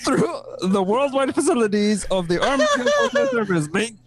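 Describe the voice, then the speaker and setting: A man's voice: extremely high pitch, huge pitch swings, a little slow, crowd noise, pitched above the performer's own voice, exaggerated voice. A man putting on a Kiwi radio announcer. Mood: hammy. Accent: put-on New Zealand. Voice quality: keeps tacking "mate" onto lines, breaks into giggles. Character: male radio announcer with a shaky Kiwi accent. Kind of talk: amateur radio play reading.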